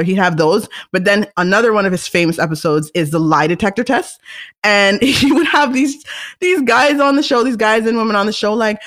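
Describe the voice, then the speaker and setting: A young woman hosting a solo podcast, talking casually in a chatty, animated way. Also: medium pitch. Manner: chatty, animated, restarts and laughs. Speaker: podcast host.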